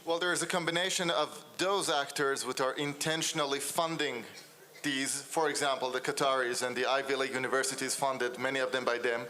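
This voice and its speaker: Bright-voiced man arguing on a panel. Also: mid-range voice, steady tone, fairly quick. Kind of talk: conference panel speech.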